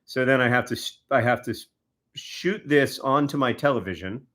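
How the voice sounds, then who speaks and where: A man's voice: mid-range voice, normal speed, a bit bright. A man, chatting casually on a livestream, giving exasperated, wry running commentary to viewers. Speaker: livestreamer signing autographs.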